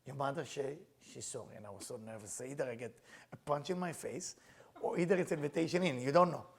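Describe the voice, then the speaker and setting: A husky middle-aged man leads a spiritual class, his pitch sitting in an ordinary middle range. He tells stories earnestly and teaches in simple, slightly broken phrasing. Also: fast talker. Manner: earnest, storytelling, plain non-native phrasing. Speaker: Kabbalah teacher. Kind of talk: teaching with personal storytelling.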